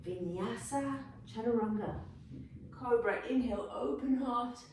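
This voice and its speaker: A South African woman leading a yoga class, giving calm, encouraging cues and gentle options. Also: on the high side, unhurried, a little hiss or hum. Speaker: yoga instructor. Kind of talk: guided yoga class instruction. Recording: very echoey room, from a distance.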